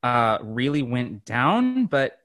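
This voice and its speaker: A man's voice: mid-range voice, very animated, takes it slowly, a bit bright, no room sound, clean studio sound. A man co-hosting a podcast, casually and thoughtfully sharing his reaction to a comic issue. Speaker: podcast co-host. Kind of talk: casual chat.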